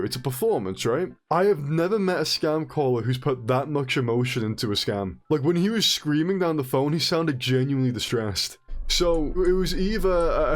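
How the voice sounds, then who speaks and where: A man streamer telling a story casually, rambling and animated, with frequent restarts and swearing. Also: medium pitch.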